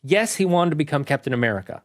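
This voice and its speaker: A man reviewing a movie, casually retelling its plot in a rambling, animated way. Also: on the high side, fast.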